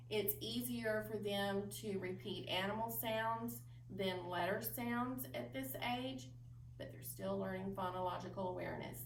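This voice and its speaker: A woman librarian giving patient instructional advice to parents, explaining slowly with frequent ums. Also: medium pitch. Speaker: children's librarian. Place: library room. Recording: roomy distant mic with faint noise.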